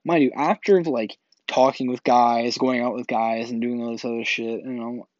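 A man tells a personal story in a loose, rambling way, restarting sentences and leaning on filler words. His voice sits at an ordinary middle pitch. The recording is dry and a bit dull and lo-fi. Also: fairly even intonation, normal speed, darkish tone, dry recording. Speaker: vlog host telling a personal story. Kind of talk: casual storytelling.

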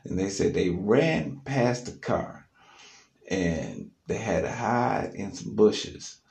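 Brief: man, casual animated storyteller, lively swings, roomy studio sound. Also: lowish voice, slow, vocal fry. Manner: animated, loose with fillers. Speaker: podcast host telling a story. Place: studio, alone. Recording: echoey studio room.

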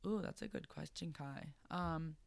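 A woman's voice: deep voice, measured pace, gravelly. A young woman co-hosting a casual chat, laughing through her stories and giving friendly advice. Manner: laughing storyteller, casual and chatty.

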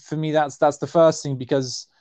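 Man with a higher, dry voice. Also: normal speed, no room sound. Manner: relaxed, rambling, with many fillers and restarts. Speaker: herbalist guest. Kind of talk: casual interview talk.

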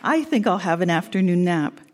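A woman's voice: lowish voice, lively intonation, a little fast, a crowd in the background, noisy background. An older woman reading her old letters aloud to an audience, sweet and earnest with a teasing edge.

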